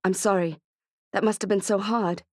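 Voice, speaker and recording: A woman voicing Kate, a shaken, exhausted mother who speaks quietly and haltingly, in a thriller audiobook. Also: mid-range voice, steady tone, no echo, studio quality, close to an everyday voice.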